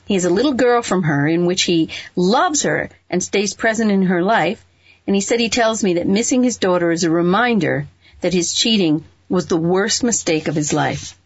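A woman's voice: fairly low pitch, lively intonation, normal speed, breathy edge, dry recording. A woman hosting an advice show in a playful, chatty way, laughing at her own rhymes and slips. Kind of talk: casual radio-style advice talk. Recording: dull lo-fi dry sound.

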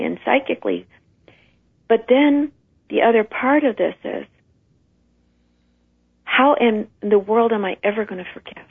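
A woman's voice: mid-range voice, vocal fry, breathy edge. A woman guest explaining how trauma passes down through generations, in an earnest, emphatic way. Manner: earnest, emphatic, acts out inner voices. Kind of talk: conversational explanation. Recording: tinny phone line.

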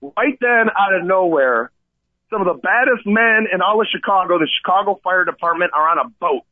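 A man co-hosting a talk radio show, telling a rescue story in an animated way and often asking "okay?". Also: sits high, moderate pace, no echo. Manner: excitable, repeats "okay?" and addresses Coach. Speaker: radio co-host and kayak tour operator. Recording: tinny phone-line sound, dry.

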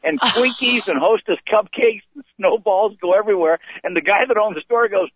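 Animated, slightly high-voiced male comedian. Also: a little fast, few pauses, breathy edge, dull audio. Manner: animated storyteller who acts out voices. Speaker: comedian guest. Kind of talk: casual storytelling chat.

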